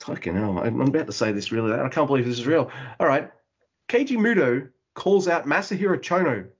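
A man co-hosting a wrestling podcast, recapping a match in excited, profane casual chat. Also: medium pitch, brisk, husky, muffled recording. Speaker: podcast co-host.

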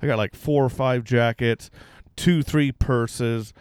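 An excitable man telling a profane story in casual banter, saying "dude" often. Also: medium pitch, slow, clean tone, no echo. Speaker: podcast co-host.

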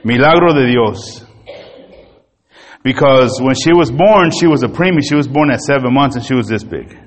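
A man pastor delivering a sermon, telling a personal story in an animated, emotional way. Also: medium pitch, a little fast, in a large hall.

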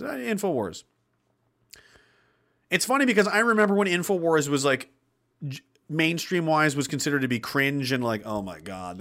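Reading out viewers' chat comments, a livestream host rants bluntly, swearing a lot and laughing between his points. He has a slightly bright voice of medium pitch.

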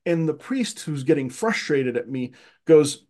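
Animated man telling stories, restarting often. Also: normal speed. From Armenian family raised in Egypt. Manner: animated, repeats words as he restarts, rising pitch when quoting himself. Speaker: guest. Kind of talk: casual conversational storytelling.

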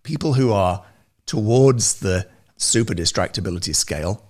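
Low male voice, very expressive intonation, chatty guest with restarts. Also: normal speed. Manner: animated, restarts often, laughs between points. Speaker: guest, music service founder. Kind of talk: casual interview chat. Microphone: video call.

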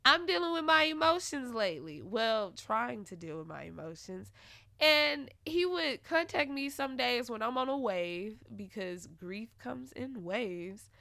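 A young woman talks straight to her listeners, candid and profane, dropping into quiet musing and then flaring up into loud venting. Her voice sits high and bright and moves a lot in pitch. The sound is dry and close, with no room around it. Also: vocal fry, no echo. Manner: heavy slang and swearing, dramatic retelling. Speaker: podcast host. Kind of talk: casual personal monologue.

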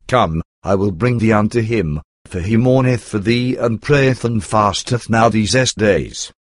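A man reading the lines of a kind, eager young boy in slow storybook narration. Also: fairly low pitch, no room sound, studio quality. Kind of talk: scripted reading aloud.

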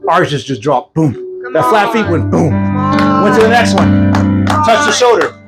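A man preaching as an evangelist, telling healing stories with laughter and quick acted asides. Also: high-pitched, sing-song, over loud music, rough recording. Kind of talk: preaching a testimony sermon.

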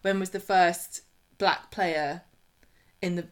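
A woman co-hosting a relaxed podcast, talking through a soap episode at a chatty clip. Her tone is sarcastic, and she keeps dropping in laughing asides. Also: lowish voice, slow pace. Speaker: podcast co-host. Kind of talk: casual chat recapping a soap.

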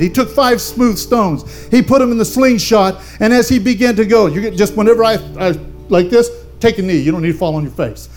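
A man's voice: high voice, darkish tone. An older man, a pastor, preaching a fervent sermon and calling on the congregation for amens. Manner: fervent preaching with call-and-response.

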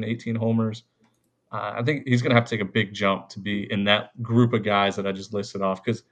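A man hosting a sports podcast, talking loosely with lots of fillers and easy laughs. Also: fairly low pitch. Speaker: podcast host. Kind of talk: casual sports chat.

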